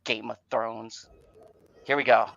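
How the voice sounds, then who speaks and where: A man hosting a casual fan podcast, swearing and stammering, swinging between exasperation and excitement. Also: mid-range voice, slow pace, gravelly, highs cut off. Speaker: host.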